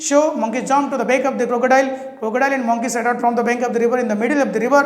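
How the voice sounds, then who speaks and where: A woman with an Indian English accent narrates a storybook tale at a steady pace, pausing on fillers now and then. Her voice sits high. The room is echoey, with a long reverb tail. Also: slight background noise. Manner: plain, steady telling with filler pauses. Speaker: storyteller and channel host.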